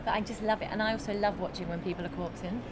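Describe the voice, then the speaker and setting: A woman's voice: mid-range voice, steady tone, very fast, noisy background. A woman, a musical theatre actress, chatting casually and laughing as she tells backstage stories. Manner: giggly, swapping backstage stories. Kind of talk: casual chat. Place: theatre venue.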